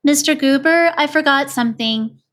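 A woman voicing a kindly, lonely older man who works at a factory, in a gentle, polite storybook voice. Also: on the high side, animated, moderate pace, natural voice.

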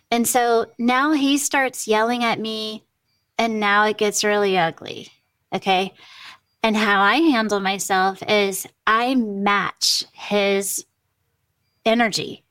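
A woman's voice: on the high side, a bit bright, no echo. A middle-aged woman hosting a podcast, telling a personal family story in a candid, conversational way and acting out the dialogue. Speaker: podcast host.

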